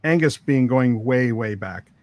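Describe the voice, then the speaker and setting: Brief: middle-aged male producer, anecdotal, dry mic, mid-pitched. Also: lively intonation, unhurried, darkish tone, no echo, dull audio. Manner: rambling anecdotes with quoted dialogue and laughs. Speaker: record producer, interview guest. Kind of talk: storytelling interview.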